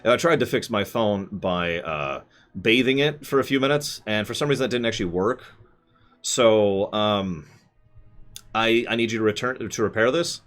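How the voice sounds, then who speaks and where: A man's voice: on the low side, moderate pace, a bit bright. A man streaming live, answering chat with rambling, self-correcting opinions.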